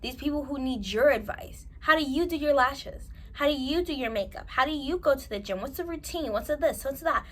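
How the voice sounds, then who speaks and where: A woman's voice: high-pitched, expressive, a little fast, hardly any pauses. A woman with a New York accent giving candid, emphatic advice straight to camera and repeating her points for stress. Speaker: advice vlogger.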